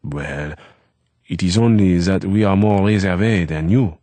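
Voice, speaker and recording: A man voicing a wary, reserved young Frenchman with a French accent and formal, halting phrasing. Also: low-pitched, mellow, dry recording.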